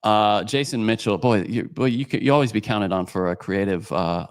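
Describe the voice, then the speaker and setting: A man's voice: lowish voice, moderate pace, no echo, studio quality. A man co-hosting a casual podcast, reading viewer comments aloud in a rambling way with many fillers. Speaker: podcast co-host reading super chats.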